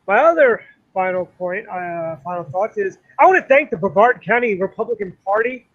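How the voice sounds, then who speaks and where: On a muffled recording, a male co-host with a high, animated voice holds forth on politics at a moderate pace. His delivery is indignant and rambling, with long runs and plenty of fillers.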